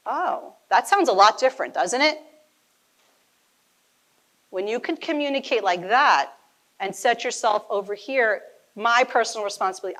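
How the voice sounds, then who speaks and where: A woman's voice: on the high side, moderate pace, a bit bright. A middle-aged woman giving an emphatic motivational talk to a live audience, full of rhetorical questions and acted-out voices. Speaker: event speaker.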